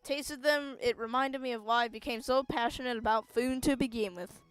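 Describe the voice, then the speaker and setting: A woman's voice: a little high, moderate pace, clear, resonant tone, soft background music, close to an everyday voice. A woman voicing an earnest, sentimental old male chef in a video game, in a near-plain reading voice.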